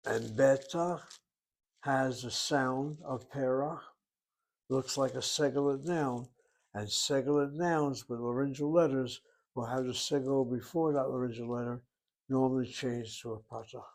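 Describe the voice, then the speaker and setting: Man, Hebrew teacher, grammar lesson, methodical, repeats key terms, middle pitch. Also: steady tone, normal speed.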